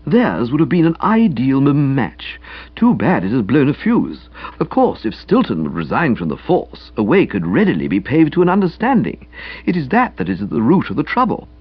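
A man voicing a breezy, self-assured young gentleman who teases with mock-solemn pronouncements in an audiobook reading. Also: mid-range voice, huge pitch swings, moderate pace, husky, highs cut off. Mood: musing. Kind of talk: audiobook character voice.

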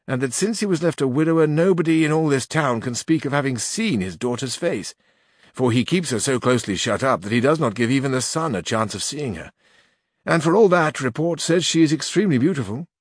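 A man's voice: medium pitch, expressive, fairly quick, dry recording, voice pushed up, lightly acted. Brief: man playing a stern steward in a storybook reading, firm and doubting, dry close sound. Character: stern, skeptical middle-aged male steward.

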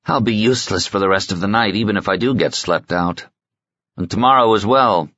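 A man reading the part of a driven, brusque male lord investigator, brisk and wry in a commanding way. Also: fairly low pitch, a bit bright, no room sound. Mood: weary. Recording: dull lo-fi dry sound.

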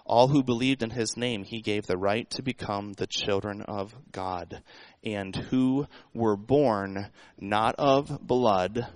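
A man's voice: lowish voice, takes it slowly, few pauses, no echo, rough recording. A man preaching a sermon in a conversational way, asking the congregation rhetorical questions. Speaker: pastor.

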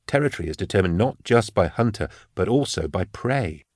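A man reading the part of a wry male forensic scholar with a dry wit, explaining in a measured way. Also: low-pitched, lively intonation, darkish tone, no echo. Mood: insistent. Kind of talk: audiobook character reading.

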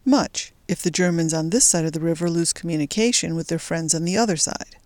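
A woman's voice: lowish voice, brisk, darkish tone, dry recording, close to an everyday voice. A woman voicing an earnest young male resistance fighter who speaks with urgency. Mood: urgent.

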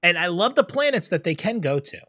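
A man co-hosting a podcast in a casual chat, animated, often laughing and acting out scenes in loud high bursts. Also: brisk, no echo, studio quality. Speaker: podcast co-host.

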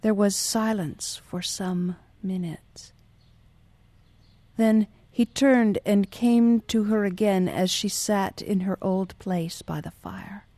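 A woman narrating a novel as an audiobook in a measured, calm reading. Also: mid-range voice, no room sound.

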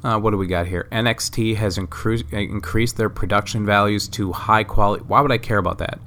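A man's voice: fairly low pitch, fairly even intonation, a little fast, sharp tone, slight background noise. A man hosting a casual solo podcast, talking loosely with fillers, swearing and self-mocking asides. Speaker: podcast host. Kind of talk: casual solo podcast narration of a wrestling sim game.

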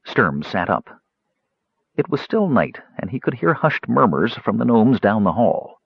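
A man narrates a fantasy audiobook in a low, slightly husky voice with a lively, expressive pitch range. He reads scripted prose and shifts into character voices for the dialogue. The recording is dry and dull, like lo-fi. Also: measured pace, dry recording. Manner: expressive, voicing characters in quotes.

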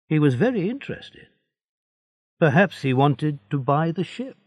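A man's voice: a little high, sing-song, measured pace, a little mellow, breathy edge, no echo, pitched above the performer's own voice, exaggerated voice. Man reading as an eager young sailor. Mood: earnest. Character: young male seaman, eager and polite.

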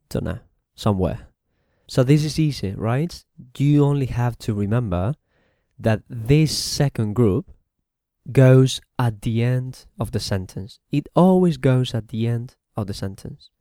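Male English teacher, mellow. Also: mid-range voice, dry recording, studio quality. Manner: switches between English and Spanish, repeats phrases slowly. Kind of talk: bilingual language lesson.

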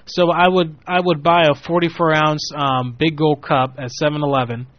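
A young man tells a long, loose story on a show, cursing freely and switching into the voices of the people in it. His voice sits a little high, with no room echo, and the recording sounds dull and lo-fi. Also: normal speed. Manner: rambling, profane, animated quoting of people. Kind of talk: casual storytelling. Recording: muffled lo-fi audio.

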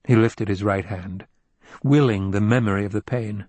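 A man narrating a novel as an audiobook in an even, unhurried storytelling manner. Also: fairly low pitch, dry recording. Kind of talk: scripted narration.

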